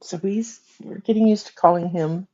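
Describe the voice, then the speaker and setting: A woman's voice: fairly low pitch, normal speed, warm tone, lo-fi sound. An older woman, an author hosting a casual livestream, chatting and laughing often while she coos at a baby.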